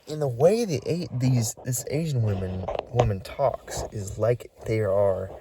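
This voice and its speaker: A man telling a creepy story in a casual vlog, rambling and halting with lots of fillers as he hunts for words. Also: medium pitch, background noise. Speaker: vlogger.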